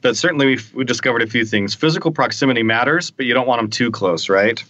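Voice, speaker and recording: A man's voice: mid-range voice, quick pace, fairly bright tone, no room sound, muffled recording. A man on a tech podcast telling work stories in a chatty, rambling way, often checking in with his listeners. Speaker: podcast panelist. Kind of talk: casual technical discussion.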